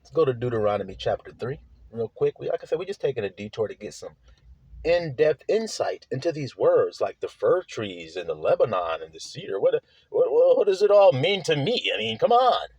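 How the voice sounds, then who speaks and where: A man's voice: mid-range voice, very animated, a little fast, a little mellow, husky, no echo. A man preaching a sermon, reading scripture aloud and breaking in with questions to his listeners, in a blunt, casual manner with slang and swearing, stretching out key words for emphasis.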